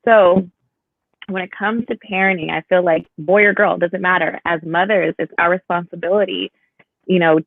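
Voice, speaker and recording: A woman chatting casually on a live podcast, telling stories in an animated way and acting out the people she quotes. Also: lowish voice, no room sound. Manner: animated storyteller, acts out voices in quotes. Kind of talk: casual chat. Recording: tinny phone-like live stream audio.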